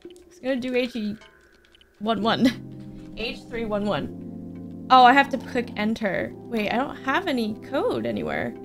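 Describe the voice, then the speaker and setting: Excitable woman commenting on a game. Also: on the high side, a little slow, long pauses. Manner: excitable, chatty, reads game text aloud. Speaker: gamer playing on her channel. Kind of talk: let's play commentary. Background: game music.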